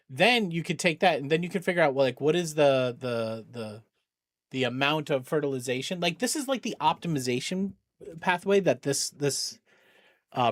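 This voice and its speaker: A middle-aged man hosting a charity game stream, talking casually, thinking aloud with many restarts and greeting viewers with bursts of excitement. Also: fairly high pitch, no room sound, clean studio sound. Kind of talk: casual livestream chat.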